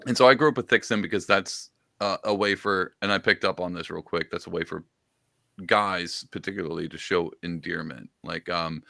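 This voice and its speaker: A man hosting a podcast who listens with steady encouragement, often murmuring agreement and asking follow-up questions. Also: low-pitched, normal speed, vocal fry, no echo, studio quality. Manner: encouraging, frequent "yeah, yeah" backchannels. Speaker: podcast host. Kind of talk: casual interview.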